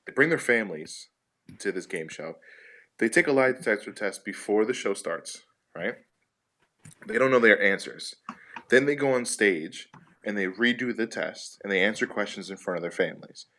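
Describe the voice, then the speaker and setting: A man with a lowish voice chats casually on a comedy podcast. He spins long, rambling stories full of swearing. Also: lively intonation, normal speed, bright, forceful tone. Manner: rambling profane storytelling. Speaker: podcast participant.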